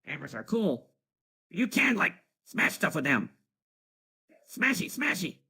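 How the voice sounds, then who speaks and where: A male voice playing a hyper, dim-witted cartoon teenage boy with a very raspy, shrill voice, giggling and blurting in an AI-generated chat stream. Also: sing-song, measured pace, pushed and bright, exaggerated voice.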